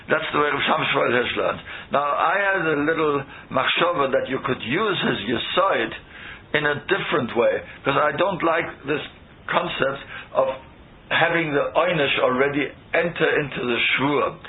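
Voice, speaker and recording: Thoughtful rabbi over a tinny line. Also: male voice, a little high, moderate pace. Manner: thoughtful, searching, rhetorical questions, Hebrew terms. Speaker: rabbi lecturer. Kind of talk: Torah lecture. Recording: tinny phone-like lo-fi audio.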